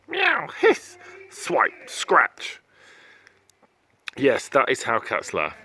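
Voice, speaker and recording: Teacher, man, children's story read-aloud; bright, animated, playful with sound effects. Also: on the low side. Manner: playful, acts out sound effects, jokes with listeners.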